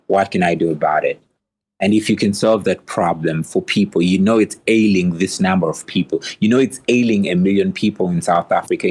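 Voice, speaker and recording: A man's voice: sits low, a little mellow, breathy edge. A man who is a guest in a casual podcast chat, giving earnest advice and agreeing often. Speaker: guest entrepreneur.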